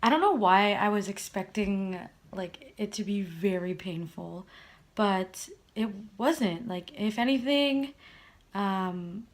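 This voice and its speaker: A woman's voice: medium pitch, slow pace. Young adult woman from Canada, casual vlogger; hesitant, filler-heavy, conversational delivery. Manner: chatty, hesitant, many fillers. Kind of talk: casual vlog update to camera.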